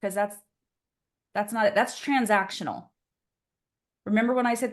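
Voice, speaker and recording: A woman teaching real estate agents on a live video call. Her delivery is energetic and chatty, scattered with "like" and "okay?" as she pushes the group along. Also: mid-range voice, normal speed, long pauses. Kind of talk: live online class coaching.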